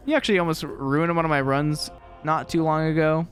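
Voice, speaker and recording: A young man talks through a game in a loose, rambling way, his pitch sitting a little high and bouncing all over. He laughs often and pokes fun at himself between remarks, with faint game music running underneath. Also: lively intonation, normal speed, fairly bright tone. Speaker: gaming video creator and teacher. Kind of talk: casual gameplay commentary.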